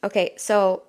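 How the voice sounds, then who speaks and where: A woman giving a live-streamed spiritual oracle reading, talking softly and chattily with many fillers and asides.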